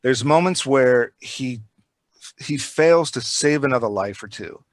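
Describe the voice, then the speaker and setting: A man of middle pitch speaks on a podcast with a dry, close sound. He rambles through animated, profane stories, circling back on his words as he goes. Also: unhurried, dry recording. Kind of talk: casual podcast chat.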